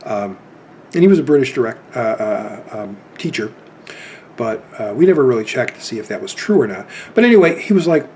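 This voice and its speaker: A man's voice: mid-range voice, sing-song, brisk, darkish tone, a little hiss or hum. A man in his fifties telling rambling anecdotes in a casual chat about his film collection.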